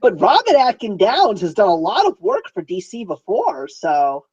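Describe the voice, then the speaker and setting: A man guesting on a film review chat, with a husky voice and a lively, swooping pitch. He is playful and teasing, and the recording sounds dull and lo-fi. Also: normal speed.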